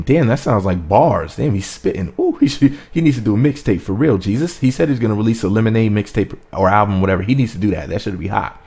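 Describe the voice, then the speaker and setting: Excitable man doing gossip commentary. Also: on the low side, fast talker, gravelly, few pauses, husky. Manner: animated, reads quotes aloud and hypes them up. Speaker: celebrity gossip vlogger. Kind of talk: casual commentary vlog.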